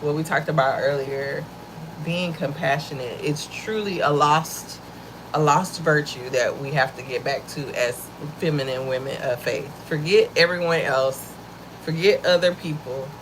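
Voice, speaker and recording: A woman's voice: sits low, unhurried, noisy background. A middle-aged woman hosting a livestream, giving a casual faith-based talk to her viewers, conversational and a bit preachy, often laughing and calling them y'all. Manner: laughs often while talking.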